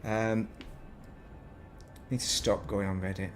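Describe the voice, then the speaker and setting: A man's voice: on the low side, flat delivery, takes it slowly, faint music behind. A man with a Northern English accent, chatting casually while commentating his gameplay stream and wandering into rambling, self-mocking asides. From Northern England. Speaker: gaming streamer.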